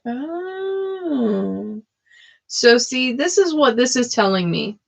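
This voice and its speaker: A woman's voice: high-pitched, big pitch swings, drawn-out words, gravelly. A woman, hosting a live tarot stream and chatting casually with viewers, laughing often. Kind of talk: casual live-stream chat with card readings. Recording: dull lo-fi stream audio.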